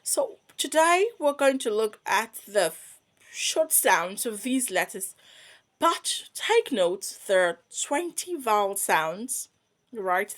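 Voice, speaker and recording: A woman teaching pronunciation, modeling each vowel sound slowly and quizzing the listener. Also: fairly high pitch, fairly bright tone. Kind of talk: slow, deliberate lesson.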